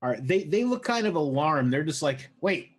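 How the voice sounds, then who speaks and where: A man's voice: fairly high pitch, big pitch swings, fairly quick, breathy edge. A man running a tabletop game as dungeon master, loose and laughing, swearing casually.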